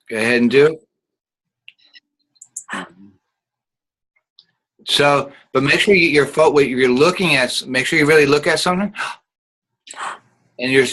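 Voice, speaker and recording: A man's voice: medium pitch, sharp tone, rough recording. A man teaching an online acting class, guiding students patiently and showing each sound with hums.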